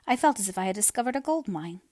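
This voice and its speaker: A woman voicing an emotional young woman who pleads and rushes, her voice lifting high. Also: expressive, darkish tone, dry recording, clean studio sound, close to an everyday voice. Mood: pleading. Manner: rapturous, pleading, then distressed.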